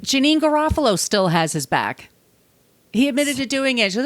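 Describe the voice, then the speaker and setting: A woman's voice: high-pitched, sing-song, normal speed, no room sound. Blunt, profane woman podcast host. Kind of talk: casual podcast chat.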